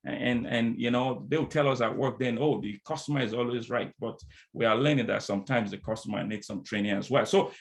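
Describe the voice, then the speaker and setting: Speaking fairly quickly in a creaky, medium-pitched voice, a middle-aged man gives a motivational conference talk on diversity as a consultant. He also speaks French, the audio comes over a video call, and he leans on call-and-response and repeated phrases.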